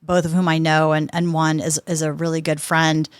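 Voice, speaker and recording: A woman in her fifties, a guest on a podcast, telling lively anecdotes and acting out what people said. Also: deep voice, normal speed, clean tone, no room sound. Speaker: podcast guest, sports executive. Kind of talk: conversational interview storytelling.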